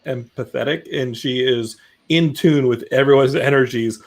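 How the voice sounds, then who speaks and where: A man's voice: mid-range voice, moderate pace, creaky. A man co-hosting a live podcast stream, joking wryly in casual chat. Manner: wry, joking banter. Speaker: podcast host.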